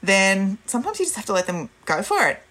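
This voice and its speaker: A woman, calmly explaining parenting advice in a casual chat. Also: mid-range voice, brisk. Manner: calm, gentle and explanatory. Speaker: parenting podcast guest.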